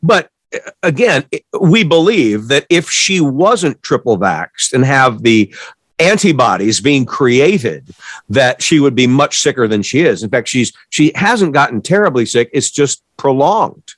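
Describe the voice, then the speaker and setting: Wry man with a dry-sounding lively voice. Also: mid-range voice, unhurried, dry recording. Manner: wry quips, earnest explaining. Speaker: podcast co-host. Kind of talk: casual chat.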